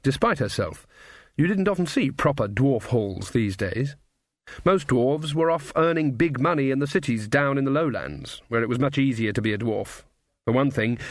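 A man narrating a comic fantasy audiobook in a measured, dry delivery. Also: medium pitch, no echo. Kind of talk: scripted narration.

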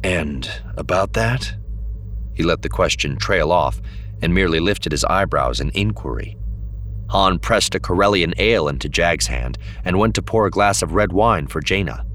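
Deep male narrator, steady audiobook reading, faint hum behind. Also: normal speed. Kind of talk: scripted narration.

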